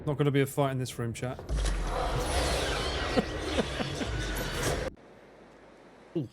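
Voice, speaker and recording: A man's voice: medium pitch, drawn-out words, loud music behind the voice. A man in his thirties live streaming, joking and swearing in casual banter with his chat.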